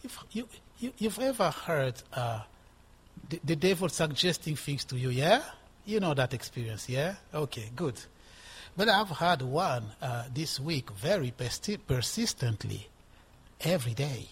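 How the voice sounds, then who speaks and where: Older male preacher, sixties, husky, slightly high voice, emphatic and repetitive. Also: very animated, measured pace. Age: 60s. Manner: emphatic, rising and dropping in volume, repeating for stress. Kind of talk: sermon.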